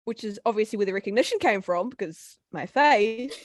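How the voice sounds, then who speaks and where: An Australian woman co-hosting a podcast from a video call, quick and self-mocking in casual chat. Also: medium pitch, animated, no room sound. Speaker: podcast co-host.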